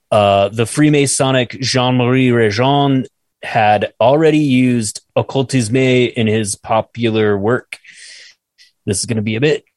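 A man's voice: mid-range voice, a little mellow, no echo. Man, podcast co-host, casual, reads notes, trips over foreign words, dry close sound. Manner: reads notes, stumbles over French words, laughs at himself; swears casually. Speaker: podcast co-host reading research.

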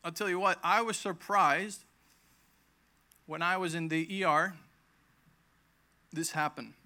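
A man's voice: a little high, fairly even intonation, unhurried, bright, forceful tone. A man in his thirties preaching a conversational sermon, telling his own healing story and acting out quoted lines with emphasis. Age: 30s. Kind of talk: sermon with personal testimony.

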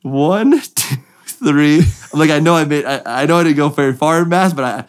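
A young man, a drift racing driver, telling a story with excitement and acting out the voices of the people in it. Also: on the high side, rapid-fire. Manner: excited, acts out voices in quotes. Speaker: drift driver, podcast guest. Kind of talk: animated storytelling.

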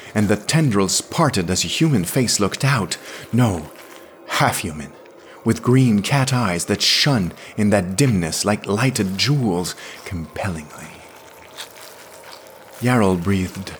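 A man narrating a story in a slow, measured, hushed dramatic reading. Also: on the low side, slight background noise. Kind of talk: dramatic audiobook reading of pulp science fiction.

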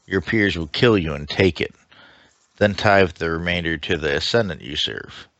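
A ruthless alien king decrees his law to his followers, read by a man. The voice is very deep and declaiming, heard through a dull lo-fi mic with a faint hiss behind it. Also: a bit bright.

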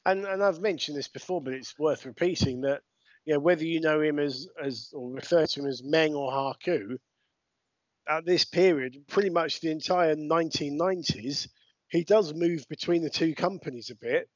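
A man's voice: on the high side, moderate pace, no echo, lo-fi sound. A British man co-hosting a podcast, chatting casually as he commentates on old wrestling footage and explains things for overseas listeners. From United Kingdom. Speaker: podcast co-host. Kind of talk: casual watch-along commentary.

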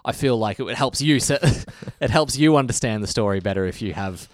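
A man's voice: medium pitch, lively intonation, no room sound, clean studio sound. An Australian man hosting a casual podcast chat, reading out listener mail between asides. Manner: chatty, reads listener mail, slips into quick impressions. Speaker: podcast host.

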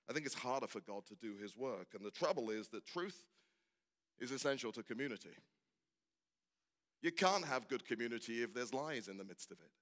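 A man's voice: medium pitch, fairly bright tone. Preacher man in a reverberant hall. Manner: rhetorical questions, repeated refrains, rising intensity. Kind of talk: sermon.

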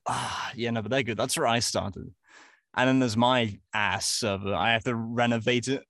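A man's voice: medium pitch, dry recording, clean studio sound. A man with an English accent, guest on a casual podcast, rambling and joking as he talks. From England. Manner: rambling, joking, swears freely. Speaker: guest voice actor.

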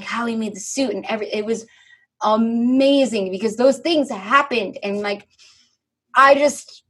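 A young woman, a podcast guest, telling stories in a lively, animated way, acting out quotes and swearing casually. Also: mid-range voice, breathy edge. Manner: animated storyteller, acts out quotes, swears freely. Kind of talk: casual conversation.

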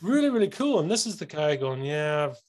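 A man's voice: sits high, big pitch swings, fast talker, darkish tone. A man who is an author and coach, talking casually as a guest and telling stories with enthusiasm. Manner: enthusiastic storyteller, acts out others' lines. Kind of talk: casual conversation.

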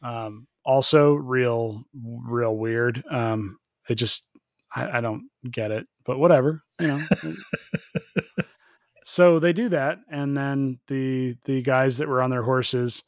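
Casting: man, podcast co-host, animated joker, dry close sound. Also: slow pace, dry recording. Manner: jokey, animated, acts out bits in a high voice. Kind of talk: casual chat.

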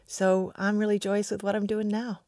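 A woman's voice: mid-range voice, flat delivery, normal speed, warm tone, no echo, studio quality. A woman with an American accent, a scientist guest telling stories enthusiastically in a podcast interview. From United States.

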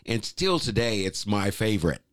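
Middle-aged man, very low voice, dry close sound, chuckling casual storytelling. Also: sing-song, moderate pace, no room sound. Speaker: guest singer.

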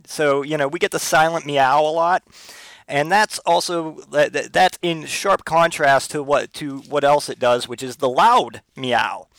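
A man's voice: fairly high pitch, a little slow, fairly bright tone, no echo. Rambling, profane man hosting a podcast. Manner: rambling, profane, comic storytelling. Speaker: podcast host. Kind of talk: casual solo podcast chat.

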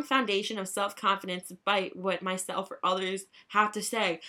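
A young woman vlogging in casual chat, profane and chatty, rising into excited high bursts. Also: moderate pace, few pauses.

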